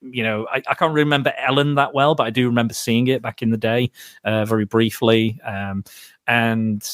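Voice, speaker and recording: A man's voice: mid-range voice, steady tone, moderate pace, a bit bright, dry recording, clean studio sound. A man hosting a film podcast, chatting loosely with plenty of restarts and fillers. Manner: rambling, many restarts and fillers. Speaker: podcast host. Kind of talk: casual film discussion.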